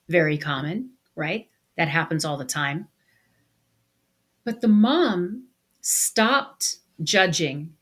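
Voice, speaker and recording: A woman co-hosting a podcast, telling a story in casual conversation and acting out the people she quotes. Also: fairly low pitch. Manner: animated storyteller, acts out quoted voices. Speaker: podcast co-host.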